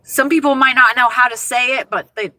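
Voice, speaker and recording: A woman chats with her viewers from the driver's seat, expressive and quick to laugh. Her voice is bright, forceful and on the high side, and it sounds dry and close. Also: dry recording. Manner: expressive, animated, laughs often. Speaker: livestream host chatting with viewers. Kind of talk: casual livestream chat. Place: inside her car.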